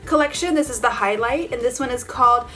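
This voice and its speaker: A somewhat high-voiced woman talks her way through a makeup tutorial in a chatty, gushing vlog manner. She strings her thoughts together with "like" and breaks into small laughs. Faint music plays underneath. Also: brisk, fairly bright tone. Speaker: beauty vlogger. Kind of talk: casual makeup tutorial chat.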